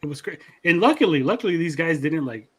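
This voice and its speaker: A man hosting a podcast, telling a story in casual chat, animated and profane, repeating words as he goes. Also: fairly high pitch, fast, husky. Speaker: podcast host.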